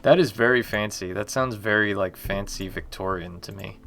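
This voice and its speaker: A man's voice: fairly low pitch, moderate pace, a bit bright, faint music behind. A man, an indie game developer, chatting casually and self-deprecatingly while working on a live stream, laughing often.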